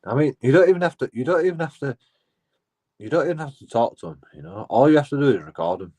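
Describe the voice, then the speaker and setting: A man's voice: mid-range voice, lively intonation, fast talker, a little mellow, slightly rough. A man rambling casually in a profane, repetitive monologue, restarting his phrases as he talks. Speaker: auditor vlogger.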